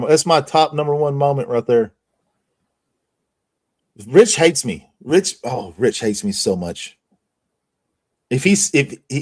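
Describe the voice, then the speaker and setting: This streamer, a man with a medium-pitched, slightly mellow voice, hosts a casual livestream chat. He swears freely and laughs his way through his stories.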